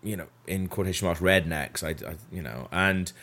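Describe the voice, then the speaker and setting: Man, very low voice, rambling, lots of "like", casual podcast storytelling. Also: moderate pace, a bit bright. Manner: rambling, with many fillers and self-corrections. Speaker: podcast host.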